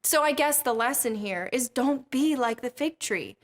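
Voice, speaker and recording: A woman's voice: sits high, lively intonation, moderate pace. A woman hosting a kids Bible lesson, chatty and jokey. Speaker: host.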